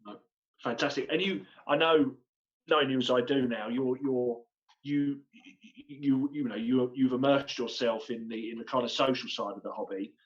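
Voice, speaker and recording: Halting male interviewer, distant dull sound. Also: mid-range voice, fairly even intonation. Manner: halting, many restarts. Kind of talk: live online interview.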